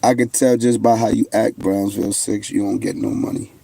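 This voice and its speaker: A young man talks loosely to his viewers on a casual livestream, boasting and trash-talking. His voice is low, dark and gravelly, with a husky, rough edge. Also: steady tone, brisk, no echo. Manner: brash, boastful trash talk. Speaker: livestream host.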